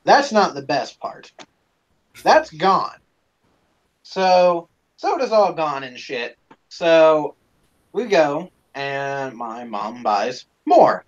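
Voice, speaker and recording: A man's voice: on the high side, very animated, very slow. A man hosting a live stream, casually telling a rambling, profane story with plenty of swearing, on a dull lo-fi recording.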